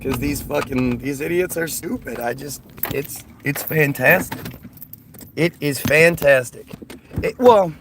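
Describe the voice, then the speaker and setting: A man's voice: a little high, unhurried, background noise. A man ranting in an unscripted monologue, sarcastic and profane, stumbling over restarts and repeated words. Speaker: vlogger.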